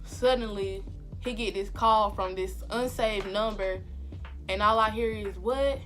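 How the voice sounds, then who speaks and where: Young woman telling a story, animated and slangy. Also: medium pitch, unhurried, faint music behind. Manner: animated and slangy, acting out the exchanges. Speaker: vlogger. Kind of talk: casual storytelling.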